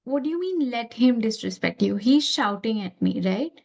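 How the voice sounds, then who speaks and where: A woman's voice: on the high side, lively intonation, normal speed, vocal fry, darkish tone. A woman in the audience asking questions, hesitant and probing. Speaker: audience member.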